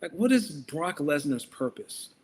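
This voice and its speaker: A man with a high voice talks in casual podcast chat. His banter is profane and incredulous. A faint hiss sits under his voice. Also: sing-song, a little slow.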